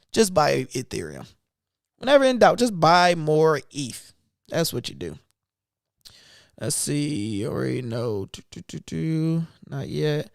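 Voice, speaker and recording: A man's voice: a little high, vocal fry, dry recording, studio quality. A man hosting an investing channel, chatting loosely about his trades in casual speech. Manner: loose and conversational, talking through trades. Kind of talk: casual livestream chat.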